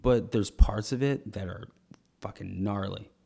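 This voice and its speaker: A man's voice: lowish voice, unhurried, vocal fry, mellow. A young man on a podcast, telling a rambling comedic story, laughing often and acting out the voices of people in it. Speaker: podcast co-host.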